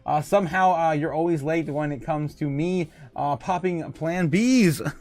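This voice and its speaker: Male streamer, higher-pitched, rambling jokey chat with lots of laughs. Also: a little slow. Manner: jokey and rambling, laughs often, many fillers; swings from muttering low to loud excited calls. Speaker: livestream host. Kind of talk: casual livestream chat, reading chat messages.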